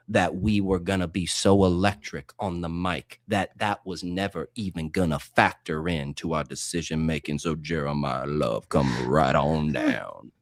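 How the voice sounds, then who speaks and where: A man putting on the slow, low, velvety voice of a suave smooth jazz radio DJ. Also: no echo.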